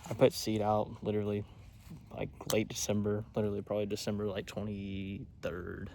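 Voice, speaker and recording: A young man rambling in a laid-back way, often keeping his voice low, in a casual outdoor hunting vlog. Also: completely flat delivery, a little fast, mellow. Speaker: hunting vlogger. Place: outdoors in woods by a food plot. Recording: outdoor noise behind. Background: outdoor noise.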